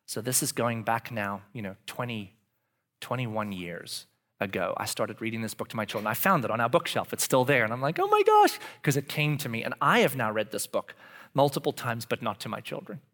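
A man in his forties giving a confessional sermon as pastor, dropping to hushed whispers and rising to loud animated outbursts. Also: mid-range voice, brisk. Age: 40s.

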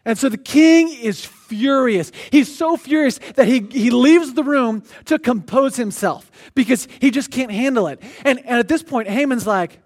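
A man preaching a sermon, animatedly retelling a scripture story and reading passages aloud in a slower, quieter voice. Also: extremely high pitch. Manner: animated storyteller who acts out the characters.

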